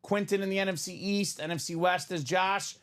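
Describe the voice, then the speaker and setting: Male live-stream host, fairly high voice, upbeat chatter, reads out chat names and picks. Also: fairly even intonation, a little fast, fairly bright tone. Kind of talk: live stream banter and play-by-play.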